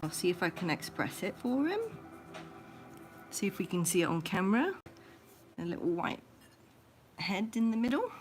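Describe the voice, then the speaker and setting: A woman livestreaming as she grooms her pet rabbit at home, talking in soft cooing baby talk and sometimes dropping to a whisper. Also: medium pitch, sing-song, moderate pace, long pauses.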